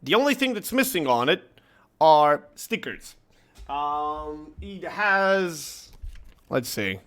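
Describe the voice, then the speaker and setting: Slow-talking man telling a story. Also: a little high, big pitch swings, fairly bright tone. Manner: chatty, laughs through his story. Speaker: gaming channel host. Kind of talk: casual vlog storytelling.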